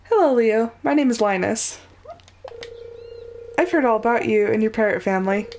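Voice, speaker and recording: A woman reading aloud the lines of a gentle older man who lives alone in nature, in her own voice. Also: a little high, moderate pace, slight background noise, close to an everyday voice.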